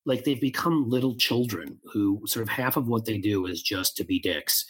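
A man co-hosting a podcast, speaking in a measured, reflective way and hedging his claims. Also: on the low side, husky. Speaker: podcast co-host. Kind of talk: casual political chat.

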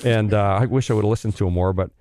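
This is a middle-aged man from Canada with a fairly low voice, recorded close on a dry mic. He tells his stories in a loose, animated way, swearing freely. He slips into the voices of the people he quotes. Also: fast talker, no room sound. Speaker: guest, former pro hockey player. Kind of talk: casual storytelling.

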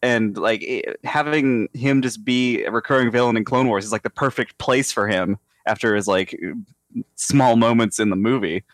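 A man's voice: mid-range voice, normal speed, dry recording. A man co-host chatting casually and playfully, laughing often. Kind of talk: casual chat.

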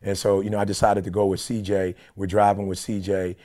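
A man with a lowish voice tells a story on a podcast call, lively and quick to act out what others said. His voice sits below the usual for men, and the talk stays loose and conversational. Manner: animated, quoting people in dialogue. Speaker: podcast co-host. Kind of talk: casual storytelling. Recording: conference call.

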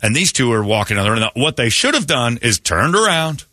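A man hosting a morning rock radio show, telling stories in a blunt, animated way. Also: mid-range voice, moderate pace, dry recording. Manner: blunt, storytelling, animated retelling. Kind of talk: casual talk radio banter. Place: radio studio. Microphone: studio mic. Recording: dry close studio sound.

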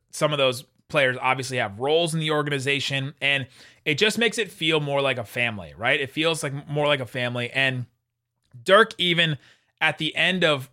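A man hosting a casual sports podcast, chatty and quick to laugh, often restarting his sentences. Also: mid-range voice, sharp tone. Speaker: podcast host.

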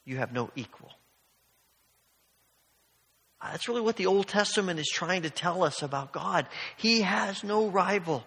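A man's voice: high-pitched, normal speed, hardly any pauses, pushed and bright. A man preaching a sermon in a church, telling stories in a conversational way full of asides. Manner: storytelling, conversational, many asides. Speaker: pastor. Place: church sanctuary. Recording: long hall reverb.

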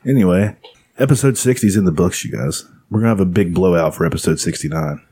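A man's voice: sits low, lively intonation, quick pace, mellow, breathy edge. A man hosting a comedy podcast, joking crudely and laughing often with his co-hosts. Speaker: podcast host.

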